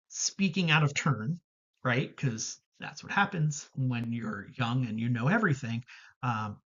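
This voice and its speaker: A man's voice: mid-range voice, animated, measured pace, a bit bright, muffled recording. Reflective man telling a camp story. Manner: candid, reflective, with frequent fillers and self-corrections. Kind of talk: personal storytelling talk. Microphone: video call.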